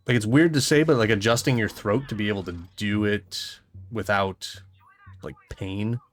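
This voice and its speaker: A man hosting a game stream, chatty and musing as he explains things at length. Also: fairly low pitch. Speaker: streamer, host. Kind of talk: casual gaming chat.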